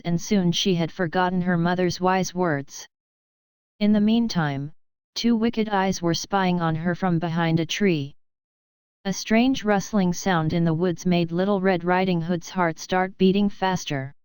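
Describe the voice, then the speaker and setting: Woman, preschool teacher, storybook reader, lowish and crystal clear. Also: a little mellow, no room sound. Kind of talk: storybook read-aloud for children. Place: at home.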